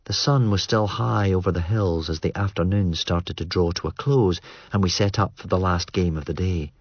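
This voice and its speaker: A man narrating an audiobook in a measured, understated way. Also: deep voice, dry recording. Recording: muffled dry studio read.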